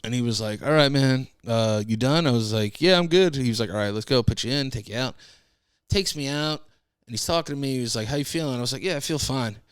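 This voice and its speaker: A man's voice: medium pitch, fast, clear, resonant tone, no room sound, clean studio sound. A man hosting a podcast, telling a casual rambling story and cursing freely. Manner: rambling, swears freely, laid-back storytelling. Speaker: podcast host. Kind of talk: casual monologue.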